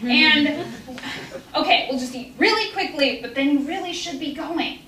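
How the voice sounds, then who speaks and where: A flustered giant's wife, played by a woman, pleads in a hurried, nervous way with a high voice. The recording rings around a roomy hall and is taken from a distance. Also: animated, pushed and bright, a little hiss or hum. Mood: anxious.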